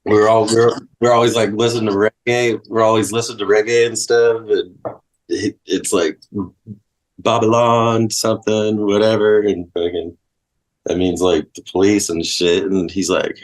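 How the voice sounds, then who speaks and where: A man telling stories in a relaxed, casual way, swearing freely and saying "like" a lot. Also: fairly low pitch, moderate pace. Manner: laid-back, swears freely, lots of likes. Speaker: guest. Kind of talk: casual storytelling.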